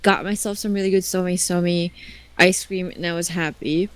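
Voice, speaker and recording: A woman streamer chatting casually and telling an animated story, swearing freely and acting out other people's lines. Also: lowish voice, moderate pace.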